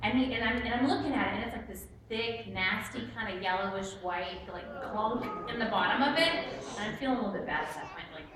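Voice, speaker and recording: A woman's voice: a little high, fast. Woman telling a story, far-off echoey hall. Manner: animated, self-mocking, acts out quotes. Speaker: stand-up comic. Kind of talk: stand-up storytelling. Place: church hall with a live audience. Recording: echoey room from far off with noise.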